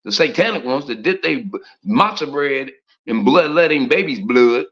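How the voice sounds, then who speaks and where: A man with a mid-range, fairly bright voice speaks expressively at a moderate pace, preaching casually in street slang and throwing out rhetorical questions. The recording sounds muffled and lo-fi, echoing in the room.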